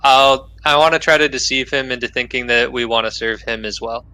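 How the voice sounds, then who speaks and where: A man's voice: mid-range voice, fairly even intonation, brisk, bright, forceful tone, smooth, rough recording. A man playing in a tabletop role-playing game, eager and persuasive, often restarting mid-sentence. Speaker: player.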